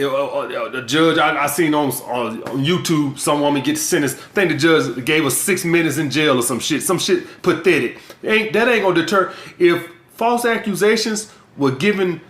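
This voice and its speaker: A man giving a blunt, profane opinion in casual talk, with halting restarts. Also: on the high side, a bit bright. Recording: echoey room.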